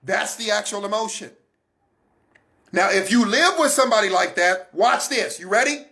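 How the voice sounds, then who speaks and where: A man's voice: sits high, normal speed, sharp tone. A man giving a Christian teaching talk, emphatic and repetitive, coaching his listeners directly. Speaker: broadcast minister.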